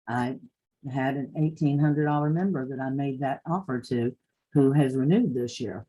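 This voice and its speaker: A woman's voice: low voice, dark tone, rough recording. An older woman with an Eastern Kentucky accent giving a folksy, down-to-earth motivational talk to fellow realtors at a conference.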